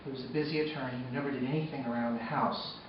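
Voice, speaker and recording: A man's voice: medium pitch, very fast. Man telling a story in an echoey hall. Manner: swings from hushed, sombre narration to loud, excited retelling. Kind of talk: personal storytelling on stage. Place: arts center stage before a live audience. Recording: echoey hall from far off, dull and noisy.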